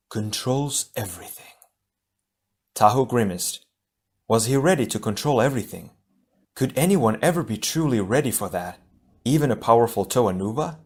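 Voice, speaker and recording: A man narrating an adventure audiobook in a steady, measured storytelling voice. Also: mid-range voice. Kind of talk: scripted narration.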